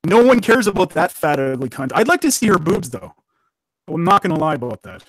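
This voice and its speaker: Canadian guy guesting on a podcast, rambly and sweary, slightly high voice, dry close mic. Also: very animated, brisk, husky, no room sound, low-quality recording. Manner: rambling, profane, laughs at own jokes. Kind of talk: casual podcast chat.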